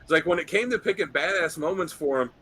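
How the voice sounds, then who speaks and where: Man, podcast co-host, casual chat, lots of fillers, fairly high voice. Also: fast, pushed and bright, slight background noise, poor audio. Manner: rambling, filler-heavy.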